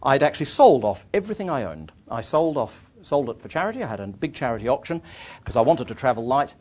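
Lively man telling travel stories. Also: mid-range voice, quick pace. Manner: lively, self-deprecating, with frequent restarts. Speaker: author giving a talk. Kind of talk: anecdotal storytelling to an audience.

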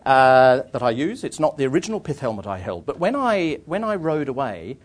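A man, an author, telling travel anecdotes to an audience in a lively, self-deprecating way, often restarting his phrases. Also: mid-range voice, brisk. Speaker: author giving a talk.

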